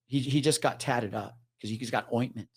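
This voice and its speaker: A man's voice: medium pitch, normal speed, creaky, breathy edge. Casual, swearing man telling a story. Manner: casual, profane, acts out the people he quotes. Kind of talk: storytelling in a podcast conversation.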